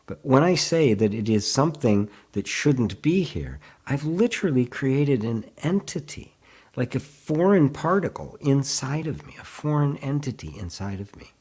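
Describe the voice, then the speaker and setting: A man with a husky, slightly breathy voice at an ordinary pitch for a man leads a live online satsang. He speaks gently and unhurriedly, often breaking into soft laughter between thoughts. Now and then he stops to read out and answer comments from viewers. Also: lively intonation, normal speed. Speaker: spiritual teacher.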